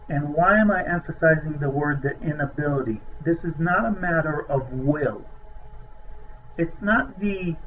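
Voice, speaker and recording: Male lecturer, slightly high voice, halting delivery full of "uh"s, stresses key terms, dull lo-fi recording with faint hiss. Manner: hesitant, many filler sounds, emphasizes key terms. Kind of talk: recorded lecture over slides.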